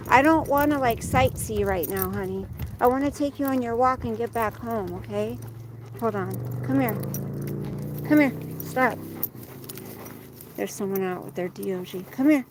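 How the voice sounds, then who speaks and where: Walking her dog on a street outdoors, a woman speaks at a measured pace in a slightly high voice amid background noise. Her casual chat is mostly venting about work, interrupted when she coaxes the dog along.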